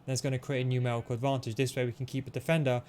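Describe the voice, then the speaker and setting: Guy doing quick play-by-play on his football game, explaining moves as he goes, lots of ums. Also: mid-range voice, level tone, a little mellow, a little hiss or hum. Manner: fast, analytical play-by-play with frequent fillers. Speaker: gaming tutorial host. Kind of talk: gameplay commentary.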